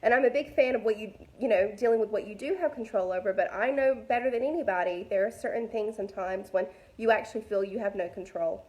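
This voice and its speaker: Speaking fast with hardly any pauses, this adult mother has a mid-range, slightly mellow voice. As a faith vlogger, she offers women a casual, candid devotional message, packed with fillers and aimed right at her listeners.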